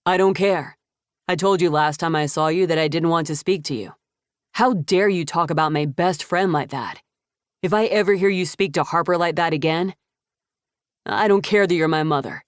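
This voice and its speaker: A woman's voice: lowish voice, normal speed, no echo, studio quality, lightly acted. A woman voicing a firm, defiant young man. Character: protective young man defying his mother, firm.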